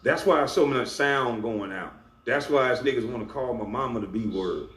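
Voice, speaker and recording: A man's voice: medium pitch, moderate pace, fairly bright tone. A man giving a confrontational, scolding rant to camera as a YouTuber, stressing his points with emphasis. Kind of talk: ranting monologue to camera. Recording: echoey room with faint background hum.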